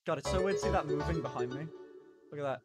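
A man's voice: fairly high pitch, fast talker, over loud music. Rambling young man streaming to chat. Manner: rambling, stop-start, reacts to chat. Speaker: livestreamer. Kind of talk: casual live-stream chat.

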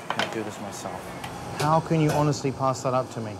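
Intense, profane chef, noisy kitchen. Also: male voice, medium pitch, lively intonation, fairly quick. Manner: intense, profane, barking orders. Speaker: head chef. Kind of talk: documentary interview and kitchen shouting. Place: restaurant kitchen.

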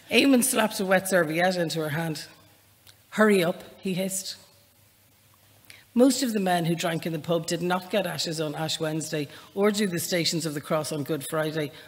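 Irish woman reading aloud in a reverberant hall. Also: fairly low pitch. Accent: Irish, with a northern lilt. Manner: chatty and self-deprecating, then measured reading. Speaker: author. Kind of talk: live conversation and reading aloud from a novel. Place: public library event space, indoors.

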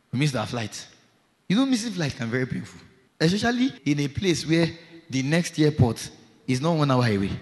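A man preaching a sermon with a middle-pitched voice, pressing his points with loud, emphatic declarations. He drops into quiet, low storytelling in between. His voice rings with the long reverb of a large hall. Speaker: pastor.

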